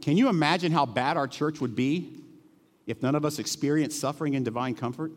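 A middle-aged male pastor preaching a sermon in a church, earnest and emotional, dropping to hushed tones and then rising to emphatic peaks. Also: mid-range voice, normal speed, in a large hall. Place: church sanctuary.

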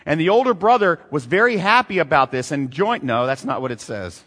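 Pastor guy preaching, high voice swinging all over, lots of rhetorical questions, long echo like a big hall. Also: brisk, few pauses. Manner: animated, rhetorical questions, reads and retells scripture. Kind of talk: sermon.

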